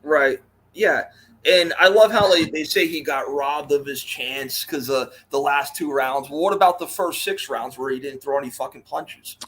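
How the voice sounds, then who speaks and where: A man's voice: a little high, moderate pace, a bit bright, slightly rough. A man co-hosting a casual talk show, mostly agreeing and adding short remarks. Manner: agreeable, chimes in briefly. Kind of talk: casual chat.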